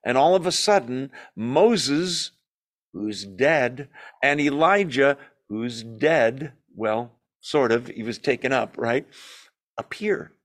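A man leading a Bible study in a conversational, animated way, joking and acting out quotes as he goes. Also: medium pitch. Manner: animated, jokey, acts out quotes in asides. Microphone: video call or room mic, class also on Zoom.

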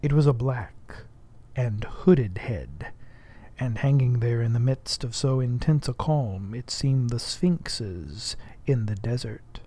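A man reading a classic novel aloud as an audiobook, measured and at times hushed. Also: medium pitch, animated. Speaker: audiobook narrator. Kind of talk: literary audiobook narration.

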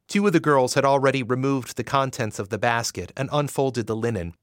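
A man narrating a romance audiobook in an expressive, measured way. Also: mid-range voice, dry recording, clean studio sound.

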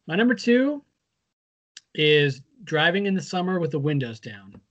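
A young man from the Seattle area chats easily as a podcast co-host, agreeable and relaxed. His voice sits a little high. It comes through dull, lo-fi video call audio. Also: normal speed. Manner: easygoing, agreeable. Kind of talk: casual chat.

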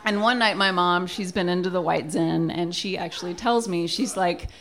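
A woman's voice: lowish voice, normal speed, a bit bright. Wry chatty woman telling a funny story. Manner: frequent "like" fillers and acted quotes of family. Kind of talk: comic personal storytelling.

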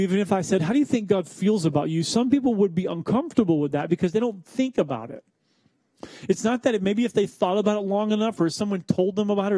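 A man's voice: high-pitched, warm tone, dry recording. A young man preaching a sermon as pastor, in a conversational, joking way and acting out quoted voices. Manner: conversational, self-deprecating, acts out quoted voices.

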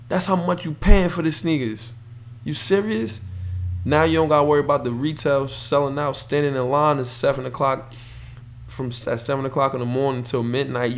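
A young man hosts a solo sports podcast in a loose, rambling way, full of fillers and restarts. His voice is gravelly, and his pitch sits in the middle for a man. He keeps getting worked up and firing questions at the listener. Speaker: podcast host. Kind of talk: casual solo sports talk.

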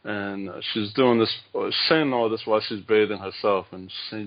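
A man's voice: fairly low pitch, moderate pace, few pauses. A man co-hosting a casual comic book podcast, walking through pages by quoting the dialogue. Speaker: podcast co-host. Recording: dull lo-fi audio with faint noise.

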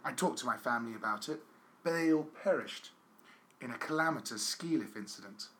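A man's voice: mid-range voice, expressive, a little fast, a bit bright. A man hosting a comedy podcast, bantering with guests and reading a letter aloud in a mock-solemn tone. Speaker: podcast host.

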